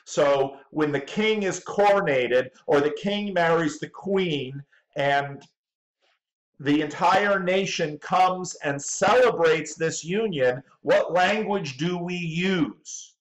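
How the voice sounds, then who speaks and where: A man's voice: fairly high pitch, takes it slowly, poor audio. A male pastor giving running commentary on a video clip, thinking aloud in a stop-start way and repeating words.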